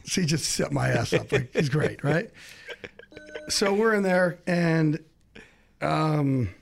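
A middle-aged man with a gravelly, fry-edged voice pitched a bit above most men. He tells his story fast and excitably and acts out everyone in it. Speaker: guest, sports insider. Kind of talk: animated storytelling.

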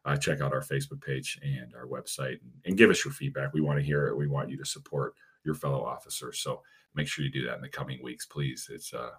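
Low husky podcast host. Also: male voice, quick pace. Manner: relaxed, storytelling, frequent fillers. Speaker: podcast host and animal protection officer. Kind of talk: casual podcast chat.

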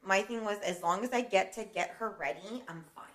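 A woman co-hosting a casual chat, animated, swearing freely and laughing often. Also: mid-range voice, fairly quick, roomy sound. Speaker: co-host.

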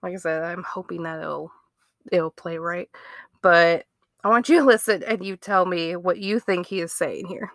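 A woman's voice: on the low side, fairly even intonation, moderate pace, fairly bright tone, no echo. A woman hosting a true-crime podcast, chatting casually and reacting with disbelief. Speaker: podcast host.

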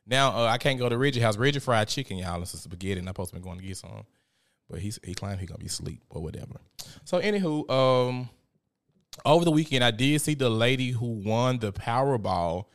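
A man's voice: mid-range voice, lively intonation, fairly quick. A young man hosting a live show, chatting casually and animatedly with lots of swearing. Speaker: show host. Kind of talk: casual live-stream commentary.

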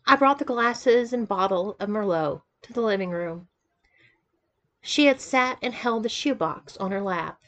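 A woman narrating a first-person story in a measured, even reading voice. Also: mid-range voice. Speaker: audiobook reader.

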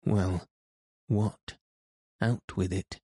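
A man's voice: deep voice, fairly even intonation, very slow, dark tone, husky, dry recording, studio quality, heavily acted. A man voicing a jealous young nobleman with an urgent, demanding manner in an audiobook reading. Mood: impatient.

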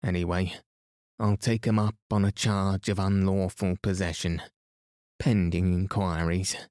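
A man's voice: low-pitched, mellow, no room sound, studio quality. A man reading the lines of a stern, plain-spoken policeman. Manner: matter-of-fact, official.

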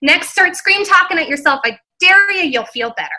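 A woman life coach giving a motivational seminar talk, acting out little exchanges and speeding up and slowing down for effect. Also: very high voice, low-quality recording. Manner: animated, acts out quoted voices and speeds up and slows down for effect.

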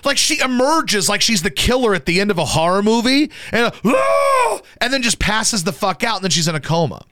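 A man hosting a radio show, chatting casually about sports in a profane, animated way and jumping into high yelps to mimic people. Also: a little fast, hardly any pauses, no echo, clean studio sound. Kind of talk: casual sports talk banter.

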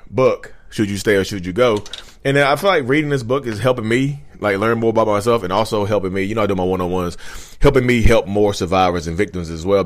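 Man, 30s, lower-voiced vlog host, animated casual commentary. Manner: animated, repeats himself, addresses viewers as y'all. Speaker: YouTube host.

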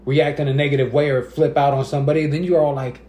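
A man's voice: fairly high pitch, quick pace, echoey room. A man in his thirties, a podcast host, chatting casually and acting out the people in his stories. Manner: animated storyteller, acts out quotes. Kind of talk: casual chat.

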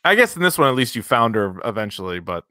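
A man's voice: mid-range voice, very animated, fast talker, bright, forceful tone, no room sound, studio quality. A man chatting casually as a podcast co-host, eager and swearing now and then. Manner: enthusiastic, swearing. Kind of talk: casual chat.

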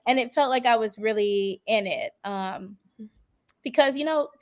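A high-pitched woman talks in a relaxed interview, her voice leaping up when she gets excited. She tells her story with emphatic energy and acts out what people said to her. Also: unhurried. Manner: animated storytelling, acting out quoted dialogue. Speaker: reality show contestant guest. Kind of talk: casual podcast interview.

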